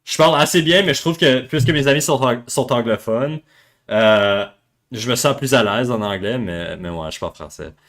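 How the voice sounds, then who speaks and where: A man's voice: medium pitch, brisk, a bit bright. Joking French Canadian man chatting on stream. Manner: joking, rambling, switches between English and French. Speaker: livestream host. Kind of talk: casual stream chat with chat readers.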